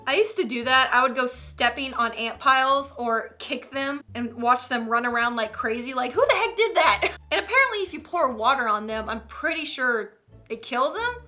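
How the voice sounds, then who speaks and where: A woman's voice: sits high, normal speed. A young woman hosting a casual video, reading stories aloud and joking about them with frequent laughs. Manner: animated, joking, laughs often. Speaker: channel host.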